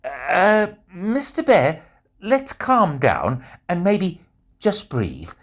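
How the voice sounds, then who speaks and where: A man voicing a kind, calm young woman researcher who speaks in a soothing, reassuring way in a children's storybook. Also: high-pitched, very slow, voice pushed up, full character voice. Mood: gentle, soothing.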